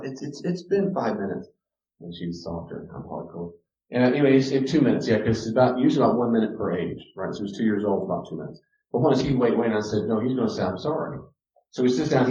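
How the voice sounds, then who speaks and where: In a warm, fairly low voice, a man talks about parenting in a relaxed, conversational teaching style, acting out snippets of dialogue as he goes. He speaks on parenting and character, and the recording sounds roomy, distant and dull.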